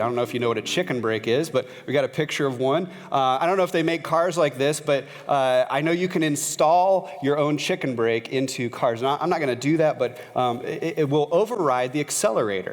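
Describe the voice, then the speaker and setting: Man preaching in a reverberant church. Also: medium pitch. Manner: conversational, frequent "uh" fillers, grows animated when retelling a story. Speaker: pastor. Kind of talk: sermon with personal storytelling. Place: church sanctuary. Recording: long reverb of a large church hall.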